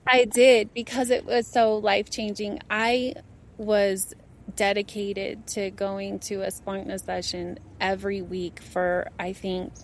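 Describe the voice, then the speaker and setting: A woman guest on a faith podcast, telling her story earnestly and rising into excited, emphatic bursts. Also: mid-range voice, slow pace, a little hiss or hum. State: becomes a parent, with a baby and a one-year-old. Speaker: guest, inner healing practitioner. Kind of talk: personal faith testimony in conversation.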